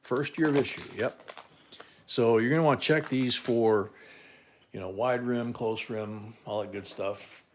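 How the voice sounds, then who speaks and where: Unhurried and fairly even in tone, his mid-range voice comes with a little hiss or hum in the recording. He hosts a laid-back live coin auction from home, calling bids, chatting with viewers, and echoing bids and his co-host's lines.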